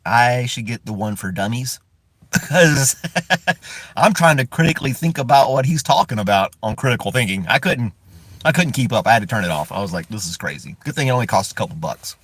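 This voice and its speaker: A man's voice: medium pitch, animated, fairly quick, a bit bright, husky, dry recording. A man from the United States hosting a casual live stream from inside a parked car. He rambles, chuckles often and greets viewers by name.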